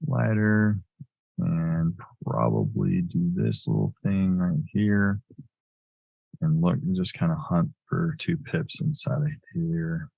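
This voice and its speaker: Very low gravelly man, husky and dry. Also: fairly even intonation, takes it slowly, no room sound, narrow, tinny audio, soft background music. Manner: thinking aloud, loose and self-correcting. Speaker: forex trader streaming live trades. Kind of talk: live trading commentary.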